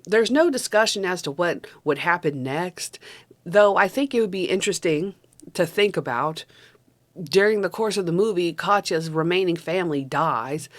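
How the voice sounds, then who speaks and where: Woman, young adult, lowish voice; casual vlog-style film reviewer, chatty, self-correcting. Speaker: movie reviewer.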